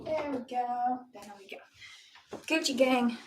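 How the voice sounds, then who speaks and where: A woman's voice: on the high side, unhurried, heavy background noise. A woman chatting casually and giggling with her students and her cats before a live online yoga class. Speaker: yoga instructor.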